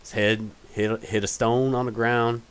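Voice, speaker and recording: A man's voice: mid-range voice, level tone, measured pace, clean tone, pitched above the performer's own voice, natural voice. A man voicing an urgent, reassuring female militia captain in a tabletop game.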